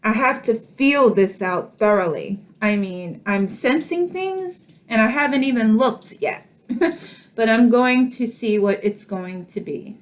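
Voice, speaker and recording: Slow, tender, emotional woman vlogger. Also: fairly high pitch. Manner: tender, emotional, laughs through tears. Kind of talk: emotional personal vlog.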